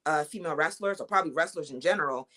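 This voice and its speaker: Young woman wrestler, lower voice, confident trash talk, casual interview. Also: racing, fairly bright tone. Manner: confident, trash-talking, with fillers and repeats. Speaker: wrestler and champion guest.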